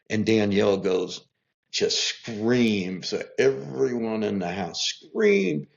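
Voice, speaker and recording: A middle-aged man, a podcast guest, tells a long story and acts out every line people said. His voice sits low and sounds husky. The recording is dull and lo-fi. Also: takes it slowly. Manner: animated storyteller acting out quotes.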